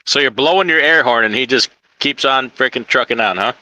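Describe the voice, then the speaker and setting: A man's voice: medium pitch, brisk, pushed and bright, no room sound, low-quality recording. A man who hosts a trucking live stream, chatting casually and teasing his guest with jokes. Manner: joking, teasing.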